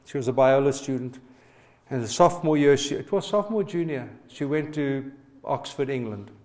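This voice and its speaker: Brief: middle-aged pastor, male, mid-pitched, storytelling sermon that keeps checking in with the congregation. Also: animated, normal speed, darkish tone. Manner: personal storytelling, asks the audience to respond.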